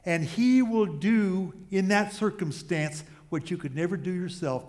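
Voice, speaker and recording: Pastor, male, slightly high voice, slow earnest sermon delivery with halting restarts. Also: darkish tone. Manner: earnest, pausing often with small restarts.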